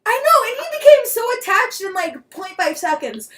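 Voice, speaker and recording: A woman co-hosting an explicit casual chat, telling a story in an animated way with loud bursts of laughter. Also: extremely high pitch, moderate pace, noisy background. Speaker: podcast co-host.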